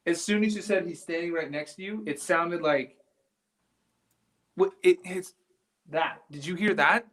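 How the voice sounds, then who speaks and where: A man investigating a site live, excitable and quick to react to sounds around him. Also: a little high. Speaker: paranormal investigator.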